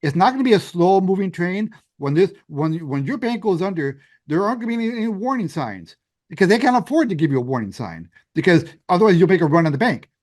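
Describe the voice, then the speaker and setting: A man's voice: sits high, very animated, quick pace, a little mellow. A man co-hosting a podcast who talks in a matter-of-fact, casual way with some hesitant fillers. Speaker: podcast co-host. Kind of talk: casual conversation.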